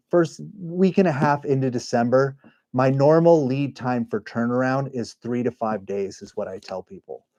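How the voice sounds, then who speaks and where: A man's voice: medium pitch, darkish tone, no echo. A man hosting a live stream, chatting casually and rambling, often correcting himself as he talks. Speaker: livestream host and engraving business owner.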